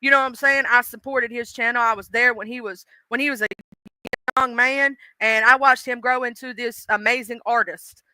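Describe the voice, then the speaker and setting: A woman chatting casually on her live stream, animated and chatty, cursing freely and reacting to her viewers' comments. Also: a little high, normal speed, slight background noise.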